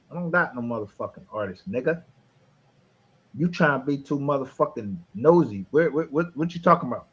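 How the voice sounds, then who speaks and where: A man's voice: a little high, a little fast, highs cut off. A man hosting a livestream, arguing heatedly, swearing and mocking with bursts of laughter.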